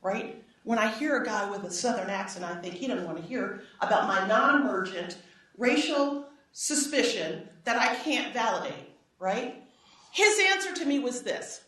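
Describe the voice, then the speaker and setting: A middle-aged woman giving a public lecture, telling a personal story with lively acted-out dialogue and frequent "right?" asides. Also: fairly high pitch, moderate pace. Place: lecture hall. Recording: echoey hall, voice from far off.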